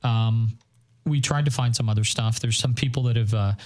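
A man's voice: medium pitch, fairly even intonation, normal speed, darkish tone. A man from Northern Ireland co-hosting a podcast, chatting eagerly and rambling with lots of fillers. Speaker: podcast co-host. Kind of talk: casual chat.

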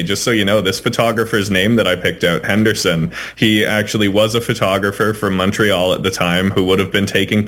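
A man's voice: fairly low pitch, fairly bright tone. A young man, an actor, chatting casually as an interview guest and laughing easily.

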